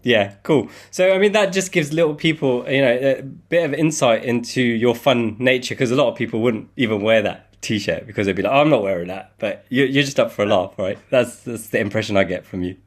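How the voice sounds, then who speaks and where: A man's voice: mid-range voice, brisk, few pauses. A man from Luton hosting a podcast, introducing the show and asking questions in a friendly, easygoing way. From England, Luton. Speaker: podcast host. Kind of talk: casual interview chat.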